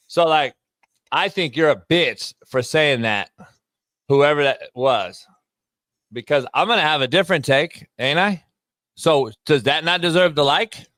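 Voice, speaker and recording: A man's voice: a little high, measured pace, pauses often, fairly bright tone, dry recording, clean studio sound. A man hosting a live sports talk show, ranting brashly and swearing freely.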